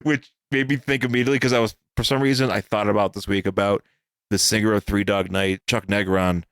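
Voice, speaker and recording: A man's voice: fairly low pitch, steady tone, fairly quick, fairly bright tone, no echo, studio quality. A man co-hosting a podcast, rambling through pop-culture asides and laughing often. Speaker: podcast co-host. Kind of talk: casual comic chat.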